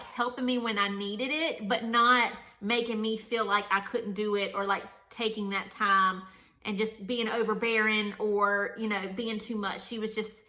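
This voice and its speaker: A young woman in her late twenties telling a personal story to camera in a chatty, candid, animated way, laughing often. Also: fairly high pitch. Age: young adult. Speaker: vlogger.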